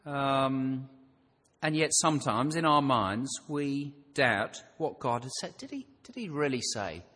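A man's voice: mid-range voice, animated, unhurried, pushed and bright, big-room sound. A man preaching a sermon in a conversational way, thinking aloud and asking rhetorical questions.

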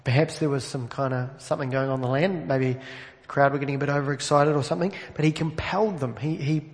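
A man's voice: mid-range voice, steady tone, fast. A man preaching a sermon in a conversational way, asking the congregation direct questions over an amplified microphone in a church. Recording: long reverb of a large hall.

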